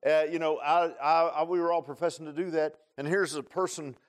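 A man's voice: fairly high pitch, steady tone, a little fast. A man preaching a sermon, telling a personal story in a folksy, colloquial way with plain, homespun grammar. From Northern Virginia.

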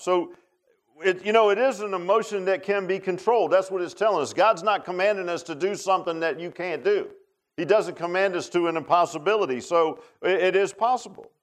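A pastor preaching a Father's Day sermon in a folksy, conversational way, often turning to the congregation with rhetorical questions. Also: mid-range voice.

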